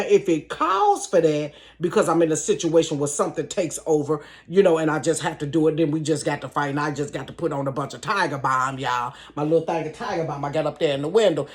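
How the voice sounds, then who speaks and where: Animated woman telling a storytime. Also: deep voice. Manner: animated, emphatic, talks straight to viewers. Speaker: storytelling vlogger. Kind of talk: casual storytime. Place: bedroom.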